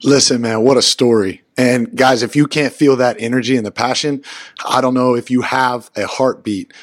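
A man's voice: mid-range voice, steady tone, normal speed, dry recording, clean studio sound. A man hosting an interview, emphatic and speaking straight to the audience. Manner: emphatic, addresses the audience directly. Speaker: host.

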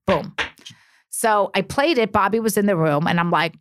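Woman guest, chatty storyteller, animated delivery, dry close sound. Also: mid-range voice, normal speed, no echo. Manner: animated, chatty, self-interrupting. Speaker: reality TV personality, podcast guest. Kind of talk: casual storytelling chat.

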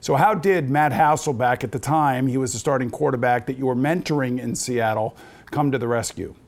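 A man hosting a sports podcast, asking a guest questions in a measured, earnest way. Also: mid-range voice. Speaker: podcast host. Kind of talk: interview.

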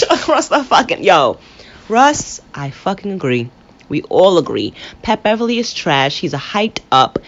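A woman co-hosting a casual sports chat, animated and trash-talking, often laughing at her own jokes. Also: mid-range voice. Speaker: podcast co-host. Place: late-night home podcast recording. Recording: dull lo-fi recording with faint background noise.

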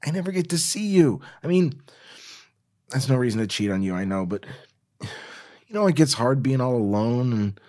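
A man voicing a tearful young woman who is guilty and defensive, reading a screenplay aloud in a halting, pleading voice. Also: medium pitch, expressive, darkish tone, close to an everyday voice.

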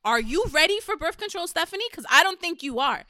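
A woman's voice: very high-pitched, sing-song, brisk, bright, forceful tone, no echo. A woman, a podcast guest chatting casually, frank and profane, telling stories with animation. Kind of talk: casual chat.

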